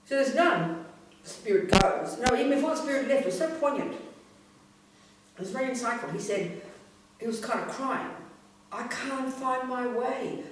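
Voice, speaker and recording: A woman's voice: a little high, a little hiss or hum. A woman, a Buddhist nun, giving a blunt, emphatic and earthy teaching talk in a centre's hall. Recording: echoey room, voice from a distance.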